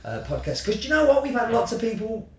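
A man's voice: very high-pitched, sing-song, fast, a bit bright, far from the mic. A man co-hosting a casual podcast, chatty and jokey, teasing his co-host. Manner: jokey, teasing, reads labels aloud. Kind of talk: casual chat. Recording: roomy sound, a bit off-mic.

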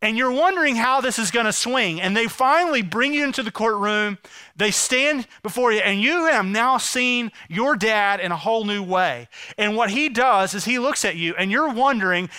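A man preaching with a bright, high voice, recorded close and dry. He tells a story as he preaches, often dropping to a soft, hushed tone for tender moments. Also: normal speed, clear, resonant tone, no echo. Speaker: pastor. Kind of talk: sermon.

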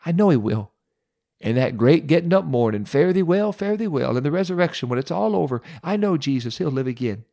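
A man's voice: a little high, animated, quick pace, vocal fry, few pauses, mellow, voice pushed up. A man voicing Martha, a grieving and faithful woman, speaking earnestly as he retells a Bible story.

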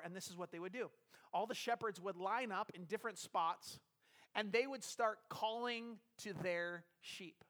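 A man's voice: high voice, a bit bright. A man preaching a conversational sermon as a pastor, explaining a scripture passage and putting rhetorical questions to his congregation.

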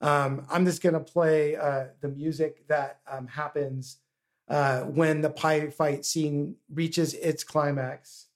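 A man's voice: on the high side, flat delivery, slow pace. A man hosting a podcast, chatting casually about a film with frequent ums and uhs. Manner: hesitant, many ums and uhs. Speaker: podcast host.

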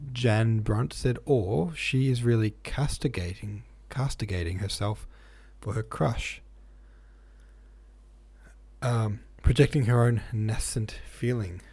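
A man's voice: on the low side, a little mellow, husky, no echo. A man reading a classic novel aloud and musing on it, thoughtful and a bit hesitant. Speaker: reader and discussion leader.

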